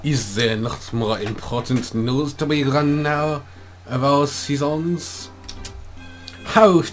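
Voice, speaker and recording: A man's voice: medium pitch, steady tone, slow pace, soft background music, natural voice. A man voicing a haughty rich male pigeon aristocrat in a put-on French accent with rolled R's. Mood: scornful.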